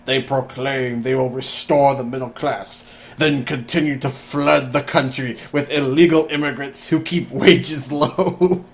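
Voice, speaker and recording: A young man co-hosting a casual podcast, talking quickly and joking, also reading aloud. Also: mid-range voice, steady tone. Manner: quick, joking, laughs often. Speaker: podcast co-host.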